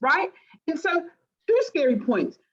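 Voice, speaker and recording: Speaking at a measured pace in a very high voice, a middle-aged woman from Great Britain shares her story as a life coach and interview guest. She tells it with animation, performing the voices of those she quotes, and the audio is dull and lo-fi.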